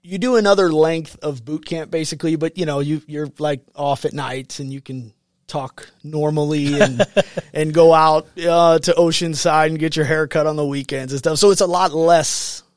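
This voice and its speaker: A man's voice: fairly high pitch, normal speed, no room sound. A man, a military veteran, telling stories as a guest in a casual studio interview, acting out quotes with lots of fillers. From United States. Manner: animated, acts out quotes, many fillers.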